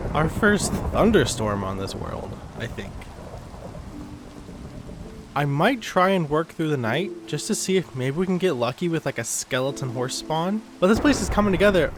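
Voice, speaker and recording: With a fairly high voice that swings widely in pitch, this man talks a little slowly, with long pauses, over a noisy background. He's a gaming YouTuber rambling through a building game let's-play, easily distracted and often correcting himself. Music plays behind him.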